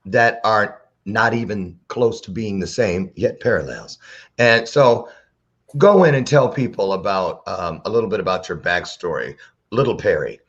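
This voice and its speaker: Male talk show host, playful preacher-ish banter, animated pitch, muffled lo-fi call audio. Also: normal speed, husky. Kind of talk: casual interview chat. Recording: dull lo-fi sound.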